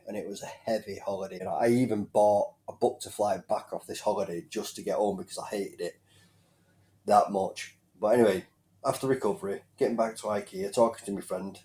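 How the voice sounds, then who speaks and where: Low-pitched British man with a mellow tone, hesitant and self-mocking podcast guest. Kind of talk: casual chat.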